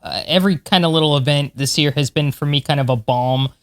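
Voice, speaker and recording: Excited chatty woman in her 40s cohosting a podcast, dry close sound. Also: low voice, brisk, no room sound. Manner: enthusiastic, chatty, laughs often. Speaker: podcast co-host, space historian. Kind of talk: casual chat.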